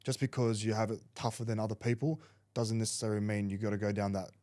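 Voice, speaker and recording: A man's voice: fairly low pitch, level tone, quick pace, mellow. A man hosting a casual podcast, laid-back and reflective, often chiming in to agree. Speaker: podcast host.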